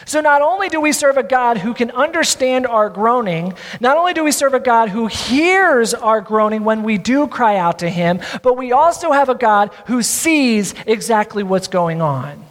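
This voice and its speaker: Man, pastor, sermon, high voice, long reverb, scripture reading, call-and-response. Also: expressive, moderate pace, few pauses, fairly bright tone.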